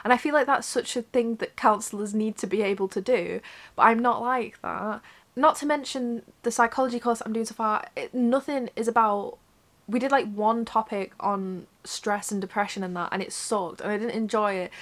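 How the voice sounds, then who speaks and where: A young woman vents straight into her camera from a room at home, her voice sitting a little high. She rambles and swears freely, sounding upset and close to tears. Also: normal speed. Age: young adult. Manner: frank, rambling, swears often. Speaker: vlogger. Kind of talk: candid talk to camera. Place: indoors at her mother's home.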